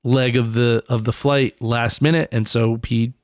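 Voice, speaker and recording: A man co-hosting a podcast and telling a true story with loose, animated energy, cursing as he goes. His voice sits at an ordinary middle pitch. The sound is dry and close, with no room echo. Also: measured pace. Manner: animated storyteller, swears freely. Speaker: podcast co-host. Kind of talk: casual podcast chat.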